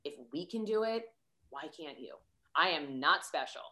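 Bright, candid woman podcast host. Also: low-pitched, normal speed. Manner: candid, swears freely, animated storytelling. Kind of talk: casual motivational chat.

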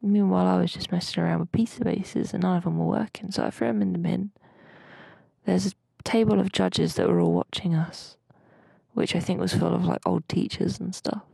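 A young woman rambles through a story in casual podcast chat. Her voice is heavily gravelly and husky. The sound is close and dry. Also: lowish voice, lively intonation, fairly quick, warm tone, dry recording. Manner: rambling, chatty storytelling with mild swearing. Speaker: podcast co-host. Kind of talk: casual chat, recounting a dream.

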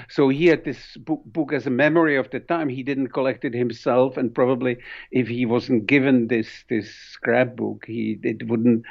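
Accented male author telling stories. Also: mid-range voice. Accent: foreign accent. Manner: animated storyteller, many restarts and fillers. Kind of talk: conversational interview. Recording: dull lo-fi recording.

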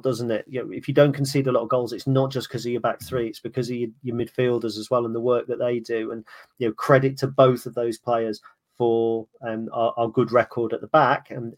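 Chatty male podcast guest, flat voice. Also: mid-range voice. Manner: chatty, many restarts, laughs easily. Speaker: podcast guest, fan of the opposing club. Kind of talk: casual podcast chat.

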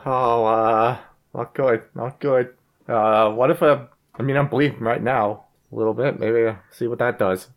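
Man voicing a skittish tommy-gun gangster for a tabletop game, stammering, talk-level pitch. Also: fairly even intonation, measured pace, natural voice. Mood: nervous. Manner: stammering, nervous, panicky. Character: jittery male 1920s gangster with a tommy gun.

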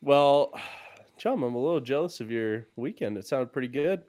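A man's voice: medium pitch, animated, normal speed, darkish tone. A man co-hosting a casual podcast, making dry teasing quips and telling laid-back stories. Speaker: podcast co-host. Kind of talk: casual chat.

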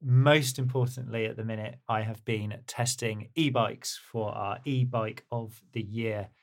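A man's voice: on the low side, steady tone, a little slow. A man chatting casually on a podcast, rambling and jokey with many fillers. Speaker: podcast co-host, bike tester. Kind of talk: casual chat.

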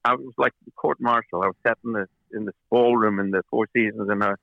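A man's voice: fairly low pitch, steady tone, quick pace, vocal fry, dry recording, narrow, tinny audio. A man, a record producer as an interview guest, telling long anecdotes with many fillers and restarts. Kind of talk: interview storytelling.

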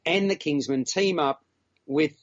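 A man in casual podcast chat, rambling and teasing as he talks a film through. His voice sits a little high and sounds dull and lo-fi. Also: unhurried. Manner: chatty, teasing, talks in long run-on stretches. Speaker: film reviewer co-host.

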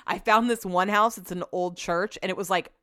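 A woman with a smooth, clear mid-range voice, telling stories in loose casual chat. She swears freely and slips into acting out her own lines. The sound is dry and close. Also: medium pitch, fairly even intonation, moderate pace, fairly bright tone, no room sound. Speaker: host.

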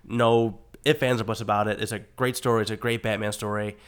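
Sick-voiced male co-host, lowish pitch, loose rambling delivery with casual swearing. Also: little pitch movement, brisk, clear, resonant tone. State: sick, rough voice. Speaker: podcast co-host. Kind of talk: casual chat.

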